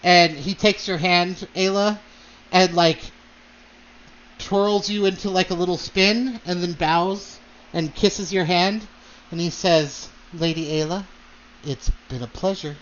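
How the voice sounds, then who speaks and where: A man's voice: sits high, fairly even intonation, slow pace, a bit bright, highs cut off, a little hiss or hum. A man narrating a tabletop role-play as game master, hesitant and full of fillers.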